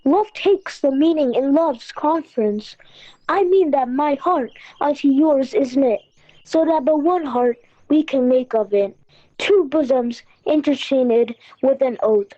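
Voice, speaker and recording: A woman's voice: high-pitched, mellow, muffled recording. A teenage girl voicing an ardent, lovesick young nobleman, reading verse in a school audio play. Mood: pleading. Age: teens. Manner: earnest measured verse reading. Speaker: student actor.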